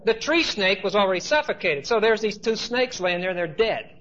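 A man's voice: sits high, expressive, fairly quick, a bit bright, muffled recording. A man preaching a sermon as pastor, telling stories in a conversational way with asides to the congregation.

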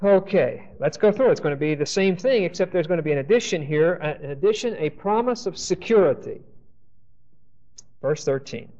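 A man's voice: on the high side, animated, moderate pace, dark tone, highs cut off. A man teaching a Bible class, reading verses aloud and often checking in with the class by asking "okay?". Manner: reads scripture aloud and explains it.

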